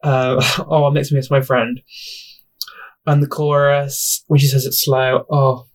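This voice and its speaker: A young man chats on his solo podcast in a loose, rambling way, laughing at himself and apologizing as he goes. His voice sits in an ordinary middle pitch for a man. He talks into a home mic. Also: unhurried. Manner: rambling, self-deprecating, giggly and expressive. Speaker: podcast host. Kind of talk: casual solo podcast chat.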